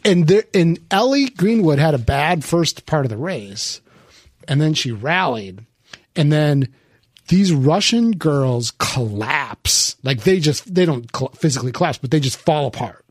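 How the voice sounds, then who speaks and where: A man hosts a podcast in loose, profane, joking chat. His voice sits a little high. The sound is dry and close, with no room around it. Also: big pitch swings, unhurried, no room sound. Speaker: podcast host. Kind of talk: casual chat, reading listener names.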